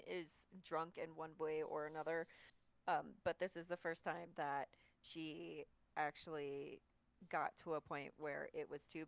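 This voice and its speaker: Low-voiced woman player. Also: creaky. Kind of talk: explaining her character.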